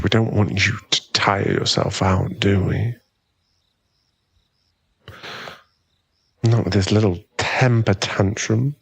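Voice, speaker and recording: Male voice actor as a cocky young rival for an ASMR role-play: gravelly, slow and smug, always teasing. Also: sits low, no echo, heavily acted. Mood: condescending. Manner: taunting, smug, chuckling. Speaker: ASMR roleplay performer.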